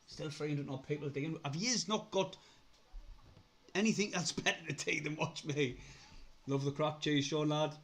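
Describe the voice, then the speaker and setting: A young man with a Sunderland accent, hosting a casual live stream, chatty, laughing often, swearing and getting excitable. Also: fairly high pitch, moderate pace. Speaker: livestream host.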